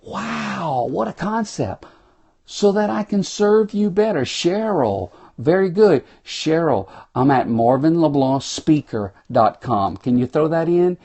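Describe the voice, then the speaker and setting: Speaking with a Cajun accent, a South Louisiana motivational speaker livestreams an upbeat, folksy pep talk from a small room using his phone. He pitches his voice fairly high and speaks expressively, a little slowly and with few pauses, in a dark tone.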